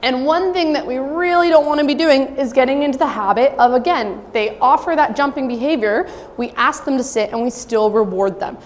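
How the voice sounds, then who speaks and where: Woman dog trainer explaining calmly. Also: fairly quick, hardly any pauses. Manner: calm explaining, bursts into high-pitched puppy talk. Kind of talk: instructional demonstration. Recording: long reverb with faint ambient noise.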